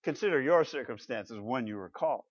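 A man preaching an expository sermon, animated and emphatic, with rhetorical questions and repeated phrases. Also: mid-range voice, fairly quick, muffled recording. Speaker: pastor.

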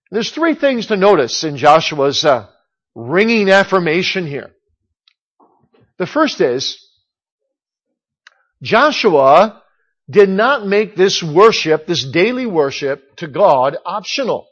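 A middle-aged man preaching a sermon from a church pulpit, emphatic, slowing down to stress the scripture he quotes. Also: high-pitched, sing-song. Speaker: pastor. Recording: dull lo-fi recording.

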